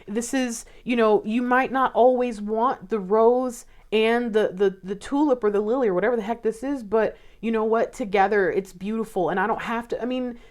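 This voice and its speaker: A woman's voice: on the high side, moderate pace, hardly any pauses, a little mellow. A woman giving a casual, emotional tarot reading and talking straight to her viewers. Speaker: tarot reader.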